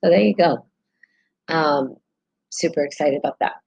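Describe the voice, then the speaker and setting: Host, female, New Mexican accent, deep register, chatty live-stream talk that breaks off to greet viewers. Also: normal speed, creaky, a little mellow, slightly rough, muffled recording. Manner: chatty, greets viewers mid-sentence, many ums. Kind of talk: casual live-stream talk and reading aloud.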